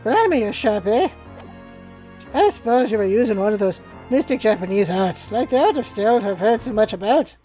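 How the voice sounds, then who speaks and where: A woman's voice: medium pitch, lively intonation, normal speed, warm tone, faint music behind, lightly acted. A woman voicing a fawning, middle-aged English male police inspector who rambles in a flustered, over-polite way, with an English accent. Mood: obsequious.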